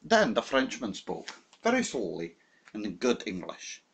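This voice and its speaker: A man reads an unabridged classic novel aloud in the first person. His voice sits fairly low. The reading is dramatic and steady. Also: normal speed, breathy edge. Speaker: audiobook narrator. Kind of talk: unabridged audiobook narration.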